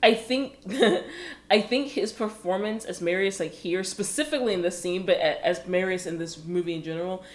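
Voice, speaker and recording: A woman's voice: on the low side, normal speed, a little hiss or hum. A woman co-hosting a casual chat, explaining details, laughing easily and often restarting her sentences.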